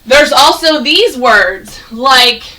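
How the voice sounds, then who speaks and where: A woman teaching first graders an online phonics lesson, patient and encouraging, sounding words out slowly. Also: sits high, expressive, sharp tone, distant mic, a little hiss or hum, rough recording.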